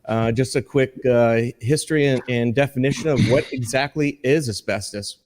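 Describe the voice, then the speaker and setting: A man's voice: medium pitch, normal speed, darkish tone. A man guest-hosting a live podcast from a studio, upbeat and friendly as he introduces his guests. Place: studio in Texas.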